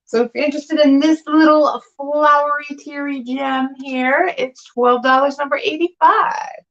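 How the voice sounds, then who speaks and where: Chatty upbeat woman selling glassware, kinda high voice, dull muffled audio. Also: fairly even intonation, moderate pace, fairly bright tone. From not from the South. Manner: chatty, enthusiastic, laughs often. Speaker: co-host glass seller. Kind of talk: casual live sale chat.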